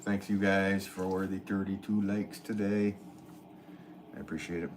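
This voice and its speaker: A man's voice: sits low, steady tone, measured pace, background noise. A man live-streaming from his pottery studio, chatting casually with viewers and answering their comments while he works clay.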